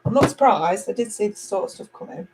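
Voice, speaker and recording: A middle-aged woman from England reading tarot cards live, chatty and animated as she talks to viewers. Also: medium pitch, a little fast, background noise. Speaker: tarot reader.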